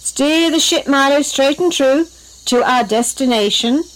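A woman's voice: mid-range voice, animated, moderate pace, close to an everyday voice, rough recording. A woman voicing a jolly, bossy pirate-captain father who bellows commands in pirate slang, reading a bedtime story. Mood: commanding.

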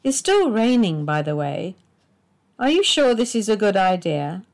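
A woman's voice: mid-range voice, very animated, unhurried. A woman doing a weary, dismissive husband. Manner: level, dismissive. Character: weary middle-aged husband, calm and dismissive.

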